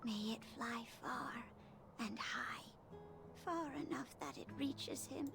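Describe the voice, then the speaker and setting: A frail elderly cookie lady, creaky whisper. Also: on the high side, over music. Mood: wistful. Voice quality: creaky, breathy half-whisper. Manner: soft, slow and tender. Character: frail elderly female cookie, gentle and wistful. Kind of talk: game voice acting.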